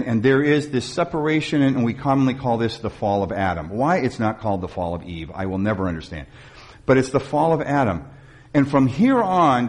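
A man preaching a sermon, retelling a story in an animated way with wry asides to the congregation. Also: mid-range voice. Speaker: pastor.

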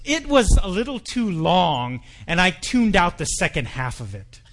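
A man's voice: high-pitched, very animated, fairly bright tone, voice pushed up, heavily acted. Man putting on a polite, blunt little old man. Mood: politely blunt. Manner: quick, courteous, blunt.

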